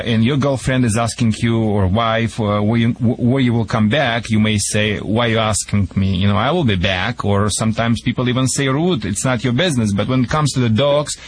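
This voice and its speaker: A man with a Russian accent, a dog trainer giving advice to callers on a radio show in a jokey, theatrical way. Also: mid-range voice. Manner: jokey, theatrical promo delivery. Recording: radio studio.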